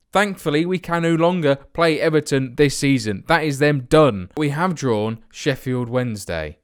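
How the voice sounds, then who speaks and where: A man's voice: medium pitch, clear, resonant tone. A young man hosting a football management let's play, with sarcastic, self-mocking commentary.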